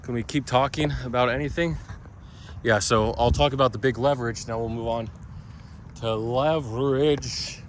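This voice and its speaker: A man's voice: mid-range voice, steady tone, a little fast, a little hiss or hum. A man vlogging about crypto and his day in a loose, digressive monologue full of restarts and asides. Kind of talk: casual rambling monologue.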